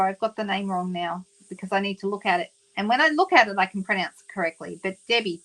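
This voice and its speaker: A woman's voice: medium pitch, a bit bright, rough recording. An Australian woman hosting a papercraft livestream, chatting casually and greeting viewers by name with plenty of ums. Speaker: papercraft demonstrator and host.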